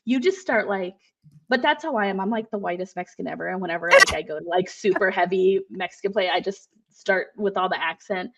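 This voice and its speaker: A woman co-hosting a casual chat show, telling animated stories and laughing often. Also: on the low side, brisk, far from the mic. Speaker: co-host. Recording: slightly dull sound.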